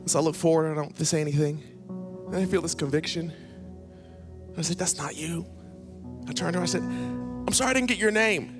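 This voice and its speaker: A man's voice: a little high, fast talker, pauses often, over music. A young man preaching in a church, telling personal stories and acting out the dialogue in them. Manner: animated, acts out dialogue in his stories. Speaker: guest speaker. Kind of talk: storytelling sermon. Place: church stage.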